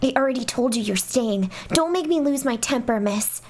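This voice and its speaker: A woman's voice: expressive, moderate pace, a little mellow. Fleta, a bossy princess girl, as a woman dubs her. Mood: imperious. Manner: commanding, rising to shrill outbursts. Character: haughty possessive young princess girl, temperamental. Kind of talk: fan dub of game dialogue.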